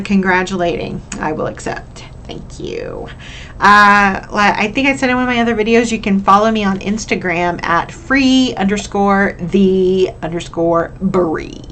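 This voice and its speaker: A young woman vlogs to her camera, candid and upbeat and sometimes emotional. She speaks at an unhurried, measured pace in a voice of middling pitch. A faint hum of room noise sits behind her. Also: a bit bright, rough recording. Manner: candid, upbeat, emotional at times, says "y'all". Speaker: vlogger. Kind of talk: casual talk to camera.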